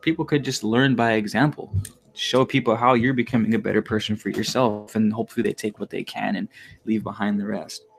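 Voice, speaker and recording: Male vlogger, low gravelly voice, candid and profane, loose rambling monologue. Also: fairly even intonation, a little fast, slight background noise. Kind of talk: casual monologue to viewers.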